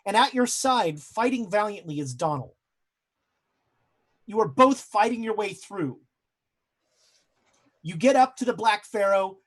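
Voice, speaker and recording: A young man narrating a tabletop horror game as game master, telling eerie dream scenes with dramatic pauses and frequent hesitant fillers. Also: sits high.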